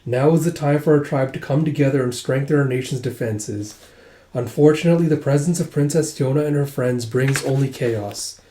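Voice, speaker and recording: A man reading aloud as a stern, proud general who lectures gravely. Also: mid-range voice, brisk, warm tone, natural voice. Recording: roomy echo.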